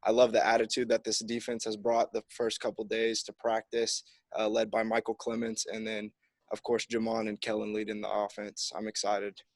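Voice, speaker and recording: A man's voice: lowish voice, completely flat delivery, normal speed, no echo. A young man, a college football kicker, answering press conference questions in an upbeat, easygoing way. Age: young adult.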